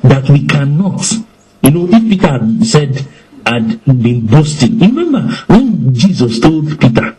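Man preaching, fairly high voice, swooping lively pitch, acts out quotes. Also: normal speed, rough recording.

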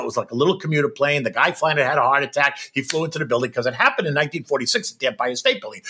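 A man's voice: on the high side, sharp tone, breathy edge. A man recounting a personal experience in an emphatic, repetitive way, often tagging his sentences with "right?". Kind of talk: personal storytelling.

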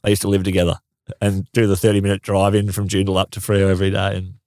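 A man's voice: sits low, monotone, fast, darkish tone, dry recording, studio quality. An Australian man as a podcast guest, telling stories casually and laughing at them. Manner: storytelling, laughs at his own stories. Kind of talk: casual chat.

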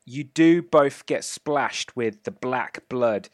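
A man acting as game master at a tabletop session, narrating bloody fights with obvious relish. His voice sits at a middle pitch and sounds dry and close, with no room around it. He pads his lines with fillers and laughs along with the table. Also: takes it slowly, no room sound. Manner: gleeful, gory narration with frequent fillers and laughs.

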